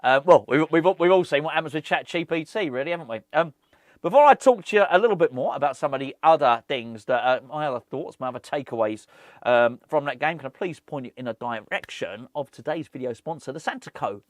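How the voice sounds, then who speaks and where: A man's voice: a little high, lively intonation, fairly quick, dry recording, studio quality. A man hosting a football fan channel, rambling in casual chat to camera, laughing often and poking fun at himself.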